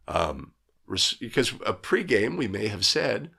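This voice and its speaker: A man running a live teaching session for basketball referees. His pitch moves around a lot as he talks, and his speech is chatty and lively. He often checks in with his listeners and answers their comments. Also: unhurried, gravelly, slightly rough. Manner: conversational, keeps asking "right?"; reads out and answers viewers' comments. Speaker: basketball officiating instructor. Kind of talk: live video breakdown lesson.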